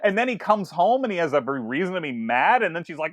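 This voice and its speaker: Guy cohosting a movie podcast, fairly high voice, all over the place, keeps stammering and restarting, dry close mic. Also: quick pace, few pauses, no echo. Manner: animated, stammering restarts, acts out quoted lines. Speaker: podcast co-host. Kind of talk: casual film discussion.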